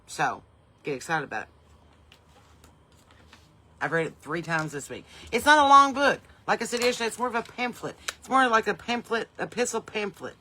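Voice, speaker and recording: Bright-voiced Southern woman chatting casually. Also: medium pitch, big pitch swings, moderate pace, a little hiss or hum, rough recording. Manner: folksy, chatty, greets commenters by name. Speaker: podcast host and country singer. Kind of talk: casual livestream chat with viewers. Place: home porch.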